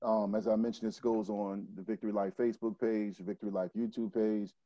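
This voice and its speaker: Mellow-voiced male interview host. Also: fairly low pitch, little pitch movement, fairly quick, dry recording. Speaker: show host. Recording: dry, muffled lo-fi audio.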